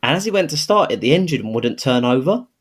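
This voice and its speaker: Bloke on a podcast telling holiday stories, easygoing, laughs a lot. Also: male voice, medium pitch, big pitch swings, brisk, breathy edge. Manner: easygoing, laughs through his anecdotes. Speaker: podcast co-host. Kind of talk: casual storytelling chat.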